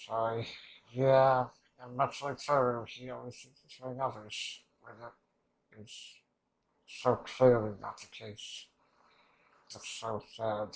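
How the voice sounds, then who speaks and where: A man's voice: medium pitch, vocal fry, low-quality recording. A man reacting to an anime episode in rambling, emotional casual commentary, swearing often and restarting his sentences.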